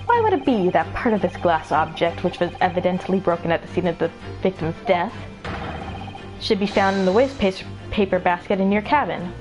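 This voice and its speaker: A smug, theatrical male detective, read by a woman who lays out his case in a grand, lecturing way. The voice sits a little low for a woman. Clear game music plays underneath. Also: expressive, fairly quick, natural voice. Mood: triumphant.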